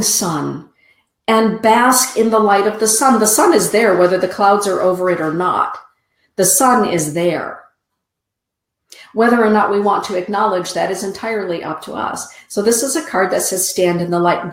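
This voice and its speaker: A woman's voice: fairly low pitch, unhurried, echoey room, rough recording. A woman hosting a show, giving soothing, affirming oracle card readings and greeting listeners by name.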